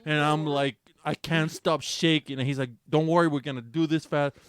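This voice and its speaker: A man co-hosting a podcast, telling a raunchy story in casual chat, animated and swearing freely, with bursts of laughter. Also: fairly high pitch, moderate pace, clear, resonant tone, no room sound, studio quality. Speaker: podcast co-host.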